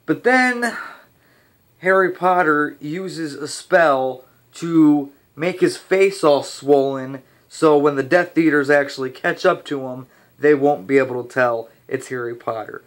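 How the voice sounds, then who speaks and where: A young man rambling casually through a movie review, ranting a little and restarting his sentences, his voice slightly hoarse. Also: fairly high pitch, a little slow.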